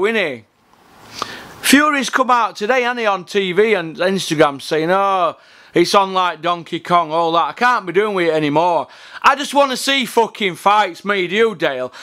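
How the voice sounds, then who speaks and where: A man's voice: high voice, pushed and bright. A man hosting a podcast, delivering a blunt, profanity-laced rant about the sport. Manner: ranting, sweary, blunt. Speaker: podcast host.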